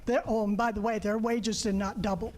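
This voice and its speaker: A woman's voice: mid-range voice, level tone, fairly quick, a little mellow. Emotional woman asking at a town hall. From North Dakota. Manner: emotional, pleading, close to tears. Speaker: audience member asking a question.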